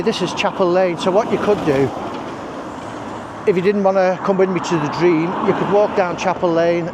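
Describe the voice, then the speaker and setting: A man's voice: high-pitched, background noise. A man chatting casually while walking outdoors, breathing heavily between rambling asides. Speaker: walking vlogger. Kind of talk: casual walk-and-talk narration. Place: outdoors on roads and country paths.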